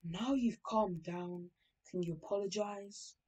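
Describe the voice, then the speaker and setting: A woman's voice: medium pitch, slow, darkish tone. Stern scolding masked guard woman, voiced by the narrator.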